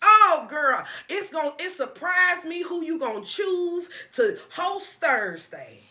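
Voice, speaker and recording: Bright-voiced woman chatting on a live stream. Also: extremely high pitch, takes it slowly. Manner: lively, thanks viewers by name, mixes scripture with chat. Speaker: mindset coach. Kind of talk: casual live-stream chat.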